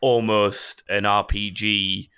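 Bright-voiced man hosting a gaming podcast. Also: lowish voice, little pitch movement, slow pace, smooth. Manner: rambling, joking, swears casually. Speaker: podcast host. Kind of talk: casual gaming podcast chat.

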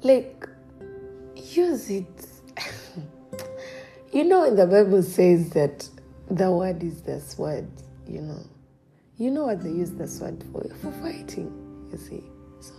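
A woman's voice: lowish voice, very animated, takes it slowly, long pauses, dark tone. A woman giving casual, earnest spiritual encouragement as a podcast host. She often laughs lightly and at times drops to a near-whisper. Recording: music playing behind.

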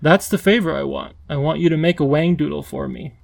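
Man putting on a lisping, excitable Wangdoodle king. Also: fairly high pitch, brisk, vocal fry. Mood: eager. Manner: excitable, bouncy, pleading. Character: lonely eager male Wangdoodle king creature.

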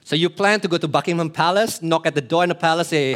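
A man preaching a sermon in an earnest, teaching manner. His voice sits fairly high for a man. He repeats key phrases and often turns to the congregation with questions. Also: fast, a bit bright. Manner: plays short voices in his illustrations.

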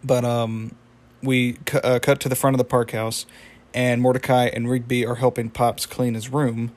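A man casually retelling a cartoon episode, halting with many fillers and small chuckles. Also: mid-range voice, level tone, a little mellow. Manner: halting, lots of fillers and restarts, chuckles often. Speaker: episode recapper.

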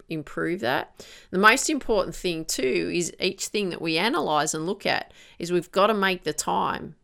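A woman's voice: on the low side, gravelly, fairly bright tone. A woman coaching golfers on their mental game, who works through one question after another and sometimes acts out an inner voice. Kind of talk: coaching monologue.

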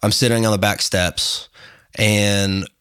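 Rambling, low-voiced man telling a story. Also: takes it slowly, clear, resonant tone, dry recording, studio quality. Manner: rambling, lots of fillers and restarts, animated retelling. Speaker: guest photographer. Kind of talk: casual interview storytelling.

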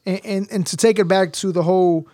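A man with a high voice hosting a casual interview. His questions ramble and restart as he goes. The sound is dry and close. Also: steady tone, fairly quick, warm tone, no echo. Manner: rambling, hesitant, full of restarts. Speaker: interview host.

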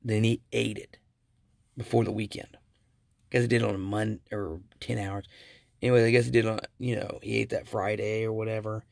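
A man's voice: on the low side, level tone, moderate pace, gravelly, a little mellow, no room sound, studio quality. A man hosting a casual solo podcast, rambling through stories with self-corrections and chuckles. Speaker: podcast host.

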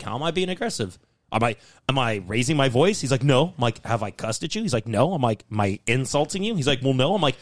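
A man on a podcast telling a heated story in a casual, profane rant. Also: medium pitch. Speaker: podcast host.

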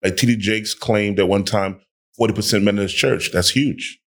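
A man's voice: lowish voice, normal speed. A man who is a pastor and guest on a casual panel conversation, telling stories and acting out quotes. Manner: animated storyteller who acts out quotes.

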